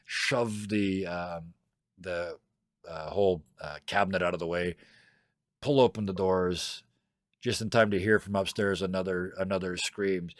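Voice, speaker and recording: A man with a lowish voice narrates as game master of a tabletop game over voice chat. He talks casually, stops and restarts with fillers, and the sound is dry and close. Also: steady tone, measured pace, no echo.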